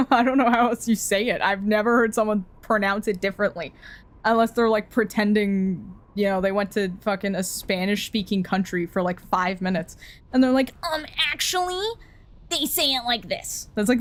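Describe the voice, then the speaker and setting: A woman's voice: medium pitch, a little fast. A woman chatting casually while streaming a game, rambling, swearing freely and laughing often. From Canada. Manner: rambling, profane, frequent laughs.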